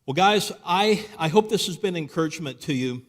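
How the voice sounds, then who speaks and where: A man with a high voice gives a live apologetics talk in a large church hall. He tells the story as he goes and keeps asking his listeners rhetorical questions. A long reverb trails behind every phrase. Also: lively intonation, fairly quick. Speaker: Christian apologetics speaker.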